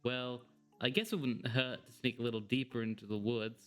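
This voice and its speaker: A man's voice: medium pitch, steady tone, moderate pace, fairly bright tone, soft background music. Joking, sarcastic let's-play guy. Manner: joking and sarcastic, laughs often. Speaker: gameplay commentator. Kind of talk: casual let's-play commentary.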